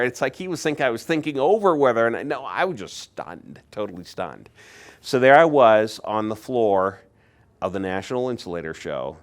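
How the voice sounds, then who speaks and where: A man in his sixties from Pennsylvania, telling casual stories about collecting as a hobby in a lively way and acting out what other people said. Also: medium pitch, normal speed. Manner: animated, acts out what others said, chuckles. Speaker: insulator collector. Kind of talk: casual storytelling.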